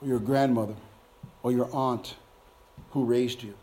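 A man preaching a sermon, swinging from soft, hushed passages to loud, shouted climaxes. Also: mid-range voice, fairly even intonation, unhurried.

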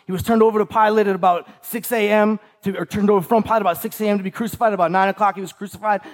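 A man preaching a sermon in an emphatic way, repeating key lines and tossing in rhetorical asides to the congregation. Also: sits high. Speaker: pastor.

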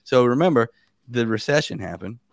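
A man in his thirties, a guest on a podcast, telling stories in a casual and animated way, laughing and acting out what people said. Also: mid-range voice, a little fast, creaky, no room sound, studio quality.

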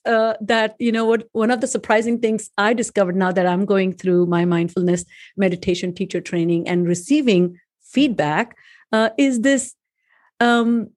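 A woman hosting a casual chat, telling stories with many "uh" and "um" fillers and frequent laughter. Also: a little high. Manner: warm storyteller who laughs often and uses "uh" and "um" fillers. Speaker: podcast host.

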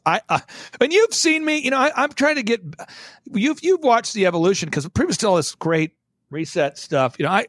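A man's voice: on the high side, fairly bright tone, no echo. A man speaking bluntly and emphatically as an interview guest, in a fervent, preaching manner.

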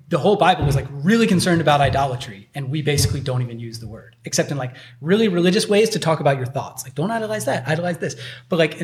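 Chatty man preaching a sermon. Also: on the high side. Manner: conversational, uses many filler likes. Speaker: pastor.

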